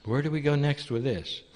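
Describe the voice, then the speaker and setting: A man giving a channeled spiritual teaching, calling listeners "dear one" and asking rhetorical questions in a soft, deliberate way. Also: a little high, in a large hall.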